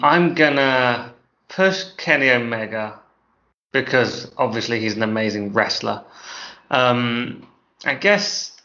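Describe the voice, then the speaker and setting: Man, podcast co-host, hesitant, lots of ums, sharp bright tone, dull recording. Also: medium pitch. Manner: hesitant, thinks aloud with many ums. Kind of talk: casual chat.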